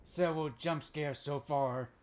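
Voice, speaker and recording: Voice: medium pitch, steady tone, a little slow, darkish tone. A game streamer chatting casually with viewers during a live stream, laid-back and chuckling now and then. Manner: chatty, talks to chat viewers. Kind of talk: casual live-stream chat while playing.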